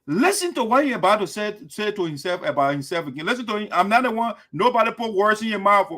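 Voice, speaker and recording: Man, radio commentary host, scornful, lecturing, higher pitch. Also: sing-song, fast, pushed and bright.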